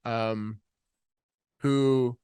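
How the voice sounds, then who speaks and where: A man from the United States hosting a casual podcast interview, easygoing and joking, with quick comic voices. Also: mid-range voice, steady tone, a little mellow, clean tone, dry recording. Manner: easygoing, jokey, does quick funny voices. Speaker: podcast host.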